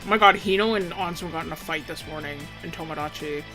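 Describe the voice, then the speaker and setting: A woman's voice: low-pitched, fast talker, bright, forceful tone, faint music behind. A woman art streamer chatting casually on a drawing lesson stream, laughing often and filling her talk with "like" and "um". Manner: giggly, filler-heavy talk. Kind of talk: casual live-stream chat.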